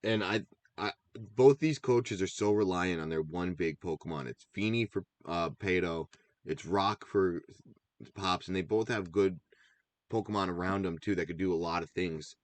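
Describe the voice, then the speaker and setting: A man with a fairly low voice co-hosts a casual recap show. He rambles with enthusiasm, often wanders off on side stories, and jumps back to his picks. The recording is close and dry, with no room echo. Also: moderate pace. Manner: rambling, enthusiastic, goes on tangents. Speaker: podcast co-host. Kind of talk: casual chat about game picks.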